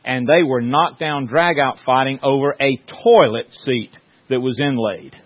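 A man's voice: mid-range voice, moderate pace. A man preaching a sermon in a folksy, joking storytelling way, with many restarts. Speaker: pastor. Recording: dull lo-fi sound.

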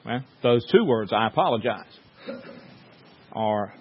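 A man's voice: on the low side, animated, measured pace, slightly rough. A man preaching a sermon in a folksy, joking storytelling way, with many restarts. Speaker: pastor. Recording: dull lo-fi sound.

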